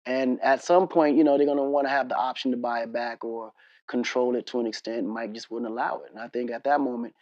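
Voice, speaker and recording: A man as an interview guest, telling casual, animated stories full of slang and laughter. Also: medium pitch, fast talker, no echo, lo-fi sound. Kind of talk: casual storytelling conversation.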